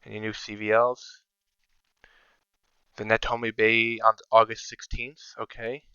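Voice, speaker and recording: A man's voice: lowish voice, monotone, a little slow, bright, forceful tone, smooth, no room sound, muffled recording. A man giving casual, think-aloud commentary over his own strategy game, sometimes counting under his breath. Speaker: strategy game video creator.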